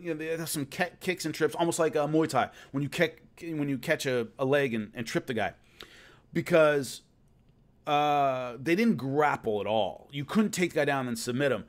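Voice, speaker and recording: Chatty man telling a rambling story. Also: fairly high pitch. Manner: rambling, many restarts, laughs at his own story. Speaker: host recalling filming a fight show. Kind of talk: casual storytelling monologue.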